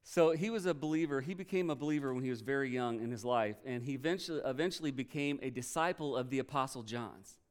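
A male pastor preaching a sermon, telling a story earnestly and with feeling, often pausing to react. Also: medium pitch. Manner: earnest storytelling, emotional, retells quotes with energy.

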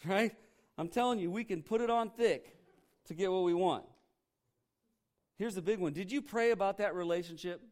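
A man's voice: sits high, normal speed, pauses often, darkish tone. A man preaching a sermon as pastor, talking conversationally and acting out quoted voices.

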